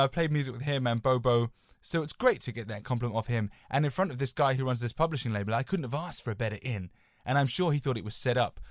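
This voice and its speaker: A man's voice: mid-range voice, no room sound, studio quality. A young man co-hosting a podcast, chatting casually and rambling through anecdotes with lots of "sort of" hedges. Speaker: podcast co-host.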